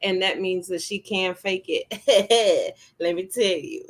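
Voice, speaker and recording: A woman's voice: medium pitch, slow pace. A woman co-hosting a casual podcast chat, playful and emphatic, teasing her co-host.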